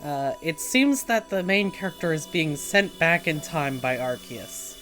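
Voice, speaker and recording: A woman's voice: sits low, animated, a little slow, a bit bright, faint music behind. A woman live-streaming a video game, chatting casually, thinking aloud and greeting viewers as she plays. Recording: noisy home stream audio.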